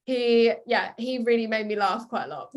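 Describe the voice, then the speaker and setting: A young woman, an actress, rattles off behind-the-scenes stories at a quick clip, breaking into giggles along the way. Her voice sits a little high for a woman, and she sounds lively and animated. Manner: giggly, fast storytelling. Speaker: actress guest. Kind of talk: animated interview anecdote.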